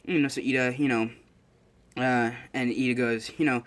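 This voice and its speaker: A young man talks through a fan story idea in a loose, rambling way. He fills his speech with fillers and often corrects himself. His voice is middle-pitched and ordinary for a man. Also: steady tone, moderate pace, a bit bright.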